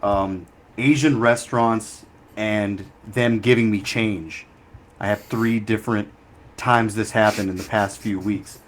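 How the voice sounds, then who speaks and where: A man's voice: on the low side, steady tone, measured pace. Podcast co-host, male, chatty storyteller who rambles through anecdotes with frequent laughter. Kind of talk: casual chat.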